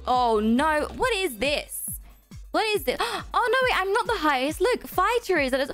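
A young woman giving excitable, self-deprecating gameplay commentary as host of a gaming channel, gasping often. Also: high voice, brisk, soft background music.

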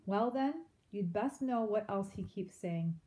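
A woman's voice: mid-range voice, animated, measured pace, dark tone, natural voice. A woman voicing a worried mother mouse in a storybook, who speaks in a fretful, anxious manner.

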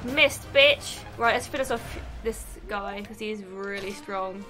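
A young woman commentating her own game play, excitable and prone to swearing. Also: medium pitch, slow pace, over music. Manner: excitable, swearing, laughing often. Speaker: gaming video host.

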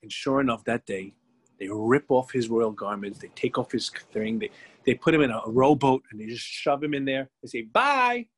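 Husky middle-aged rabbi telling a story. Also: male voice, medium pitch, normal speed. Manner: lively storyteller, acts out the people in his tale. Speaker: rabbi teaching a class. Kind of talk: storytelling religious class.

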